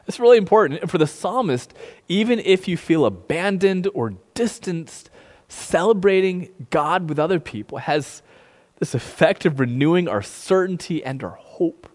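Conversational pastor in a reverberant hall. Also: male voice, fairly high pitch, lively intonation, normal speed. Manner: conversational, often says "like" and "right?". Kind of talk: sermon. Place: sanctuary streamed online. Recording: long reverb in a large room.

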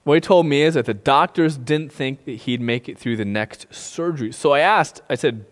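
Conversational pastor in a reverberant hall. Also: male voice, mid-range voice, normal speed, few pauses. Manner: conversational, often says "like" and "right?". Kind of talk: sermon. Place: sanctuary streamed online. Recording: long reverb in a large room.

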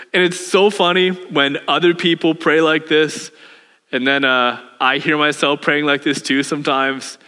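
A man preaching a sermon as pastor, animated and telling the story with humor. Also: a little high, unhurried. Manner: animated storytelling, acts out voices with laughs. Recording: hall reverb.

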